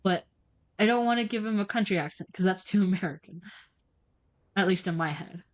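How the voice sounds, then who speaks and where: A woman's voice: mid-range voice, fairly quick, a little mellow. A woman casually commenting while playing a story game, thinking aloud, laughing and swearing. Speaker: game streamer.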